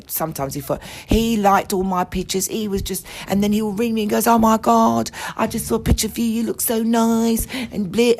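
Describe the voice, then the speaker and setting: Woman, fiery and foul-mouthed solo podcast rant, low-pitched, faint background hiss. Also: a little mellow. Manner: blunt, profane and indignant. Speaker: podcast host. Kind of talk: ranting monologue.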